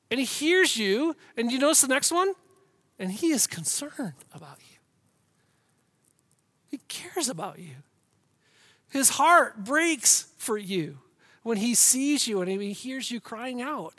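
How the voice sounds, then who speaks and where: A man preaching a sermon with passion, rhythmic and repetitive, swinging between hushed whispers and loud emphatic lines. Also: extremely high pitch, moderate pace, no room sound. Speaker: pastor.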